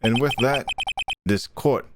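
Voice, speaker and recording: A man voicing a stern, formal older judge who speaks slowly and deliberately. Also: noisy background, natural voice. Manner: slow, deep and measured.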